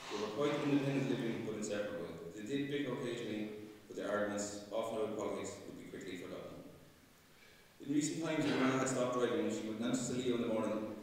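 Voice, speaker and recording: A man, reading a fond, gently humorous eulogy for his mother at a funeral Mass. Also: lowish voice, fast. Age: 50s. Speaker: son giving a eulogy. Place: large church. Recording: echoey church, voice from far off.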